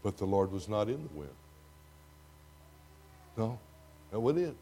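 Dramatic older Texan preacher. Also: male voice, on the low side, very animated, unhurried, long pauses, slightly rough. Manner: dramatic, swinging from loud to hushed. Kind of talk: sermon. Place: church before a congregation.

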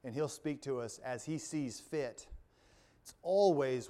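A man's voice: medium pitch, slow pace, dark tone. A male pastor preaching a sermon, reading scripture aloud and explaining it, with wry asides.

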